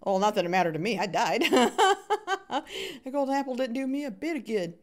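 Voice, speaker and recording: A woman streams Minecraft live, speaking a little fast in a fairly high voice with lively intonation. She talks with viewers, roots for other players, and hums tiny sound effects throughout her play.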